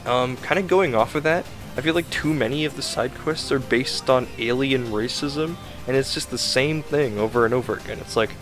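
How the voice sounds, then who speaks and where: Exasperated man rambling through a review. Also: medium pitch. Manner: exasperated, sarcastic ranting with many fillers. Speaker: game reviewer.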